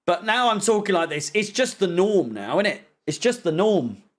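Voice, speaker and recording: A man's voice: high voice, lively intonation, normal speed. A young man doing live football watch-along commentary, ranting in frustration, swearing and sarcastic. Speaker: fan channel co-host.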